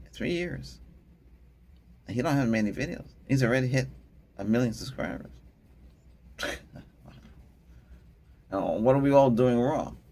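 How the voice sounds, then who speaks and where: Middle-aged male vlog host, gravelly and husky, loose rambling delivery with frequent chuckles. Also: mid-range voice. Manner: chatty, laughs often, trails off and restarts. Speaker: tech channel host. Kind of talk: casual rambling vlog chat.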